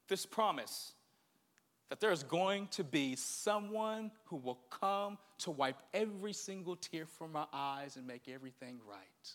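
Bright-voiced animated male pastor. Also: sits high, measured pace. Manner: animated, swings from hushed to loud. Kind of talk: sermon.

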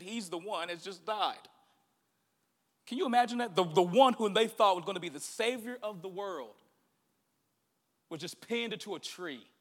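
A male pastor preaching a sermon, animated and swinging from hushed to loud. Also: high voice.

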